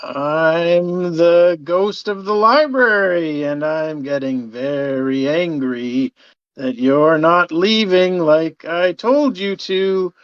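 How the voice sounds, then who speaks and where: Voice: mid-range voice, clear, resonant tone, dry recording, dull audio, close to an everyday voice. A game master voicing a grumpy library ghost that moans and grumbles at intruders. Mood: grumbling. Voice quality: wailing drawn-out "ooh" sounds. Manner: petulant, grumbling.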